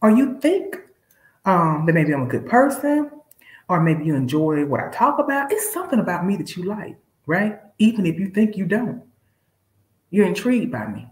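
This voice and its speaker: A woman's voice: fairly low pitch, big pitch swings, moderate pace, roomy sound, low-quality recording. A woman from Alabama hosting a live stream, talking casually and preaching to viewers she calls y'all. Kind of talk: casual motivational talk.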